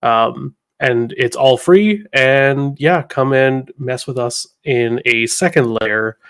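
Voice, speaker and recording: A man's voice: mid-range voice, slow pace, clear, resonant tone. A man co-hosting a podcast, telling things in a rambling, laughing way with many fillers. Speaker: podcast co-host. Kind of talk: casual chat.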